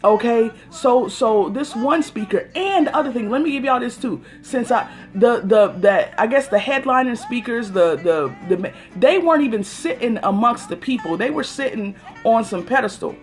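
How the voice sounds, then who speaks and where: A woman's voice: a little high, lively intonation, moderate pace, few pauses, soft background music. A woman hosting a casual phone livestream, telling an exasperated story and greeting viewers by name as she goes. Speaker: livestream host.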